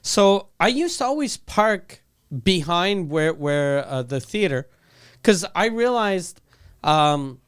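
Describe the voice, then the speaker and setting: A man's voice: high-pitched, big pitch swings, slow, a bit bright, smooth. A man co-hosting a comedy podcast, blunt and profane, riffing incredulously. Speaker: podcast co-host. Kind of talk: casual comedy podcast chat. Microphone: studio podcast mic.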